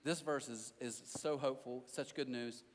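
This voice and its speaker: A man preaching a sermon as a pastor, telling animated stories with self-deprecating jokes and talking directly to the crowd in a church auditorium. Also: mid-range voice, normal speed. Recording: long hall reverb.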